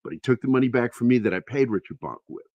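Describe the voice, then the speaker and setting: A man with a mid-range voice talks fast and animatedly; there's no echo, but the highs are cut off. He's a podcast host in casual chat, telling personal stories candidly and ramblingly while swearing freely.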